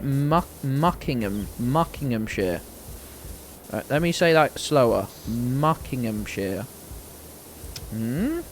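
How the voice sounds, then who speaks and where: British male streamer, sarcastic and sweary, very animated delivery, faint noise underneath. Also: medium pitch. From Britain. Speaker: game streamer. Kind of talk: casual gameplay commentary.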